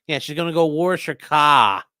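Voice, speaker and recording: A male host giving livestream commentary in an animated, sarcastic way, reacting to clips and reading chat aloud. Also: on the high side, moderate pace, clean tone, no echo, clean studio sound.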